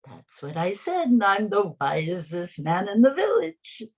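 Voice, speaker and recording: A woman voicing a patient, wise old male rabbi who gives firm advice in a lowered, gravelly voice. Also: very animated, measured pace, darkish tone. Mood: calm. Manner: patient and authoritative. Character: calm wise old village rabbi, a man.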